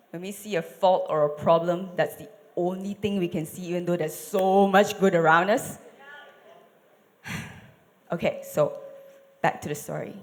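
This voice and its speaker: Slow, dramatic woman preacher. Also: lowish voice, long reverb tail. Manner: dramatic, asks the audience questions. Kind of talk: storytelling sermon. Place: church.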